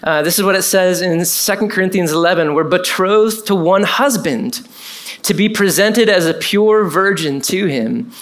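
Man, pastor, conversational sermon, animated asides. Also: sits high, moderate pace.

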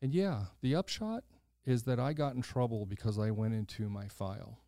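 Mellow-voiced older man telling a story. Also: mid-range voice, moderate pace, no room sound, studio quality. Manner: animated storyteller who acts out quoted voices, blunt and swears casually. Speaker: podcast host. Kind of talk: casual storytelling conversation.

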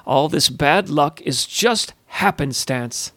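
A man voicing a brusque, caustic merchant guildmaster who speaks in a slow, dismissive grumble, recorded dry and close. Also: a little high, expressive, a bit bright, no echo, heavily acted. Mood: scornful.

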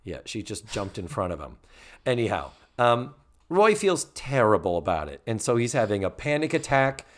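A man's voice: fairly low pitch, very animated, moderate pace. A man casually recapping a sitcom episode as a podcast co-host, chatty and acting out quotes. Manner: chatty, acts out quotes, many fillers.

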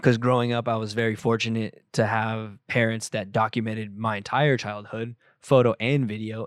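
A man's voice: on the low side, clean tone, dry recording, clean studio sound. A young man, a photographer, answering viewer questions in casual chat, rambling with lots of swearing and self-corrections.

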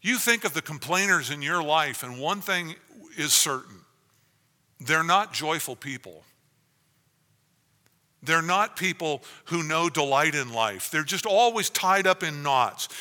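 A man's voice: on the high side, sharp tone, big-room sound. A man preaching a sermon as pastor, earnest, with frequent restarts.

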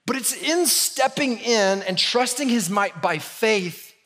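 A man in his thirties preaching a sermon in a church, talking casually and animated, often asking the congregation questions. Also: sits high, slow, faint music behind. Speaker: pastor.

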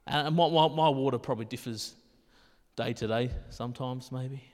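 A man's voice: mid-range voice, a little mellow. An Australian man preaching a sermon in a conversational way, often restarting his words, with self-deprecating asides. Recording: long reverb of a large hall.

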